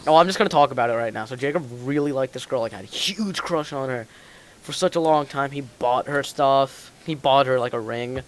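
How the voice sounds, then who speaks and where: A man's voice: medium pitch, a little fast. A teenage boy hosting a casual online podcast, rambling and joking with friends, often laughing. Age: teens. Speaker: podcast host. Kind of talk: casual chat. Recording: faint hiss, keyboard clicks.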